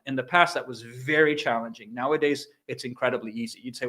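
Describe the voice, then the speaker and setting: A middle-aged American man giving an energetic motivational business talk, emphatic and animated. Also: mid-range voice, fast, hardly any pauses. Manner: animated, emphatic, mimics sound effects. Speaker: guest speaker on a live business training.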